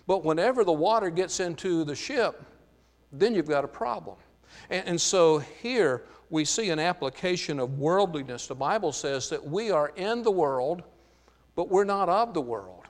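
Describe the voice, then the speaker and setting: A male preacher delivers a Bible sermon in a deliberate, emphatic cadence, pausing on key words and filling gaps with "uh." His voice sits a little high for a man. The recording carries a long reverb, as in a large church hall. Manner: slow, emphatic Bible teaching with frequent "uh" fillers.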